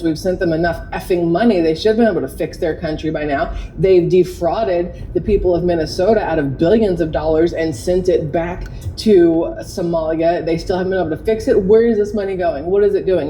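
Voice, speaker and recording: A woman's voice: on the low side, mellow, slight background noise, low-quality recording. A woman hosting an opinion commentary vlog, talking in a chatty, sarcastic and indignant way. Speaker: commentary host.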